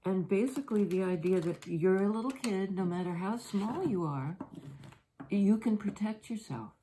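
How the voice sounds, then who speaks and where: An older woman and grandmother giving a tarot reading, talking in a soft, meandering, personal way with many fillers. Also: mid-range voice, lively intonation, normal speed, a little hiss or hum, poor audio. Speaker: tarot reader. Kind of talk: reflective spoken reading. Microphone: handheld or propped camera.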